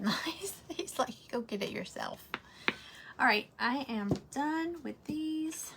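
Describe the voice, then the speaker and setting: A woman's voice: on the high side, background noise. A woman, chatting casually and rambling to viewers as she hosts a craft livestream from home.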